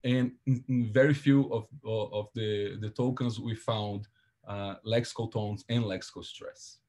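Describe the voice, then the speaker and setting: A man giving an academic seminar presentation over a video call, walking through his slides step by step in a measured, explanatory way. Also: lowish voice, steady tone, a little mellow.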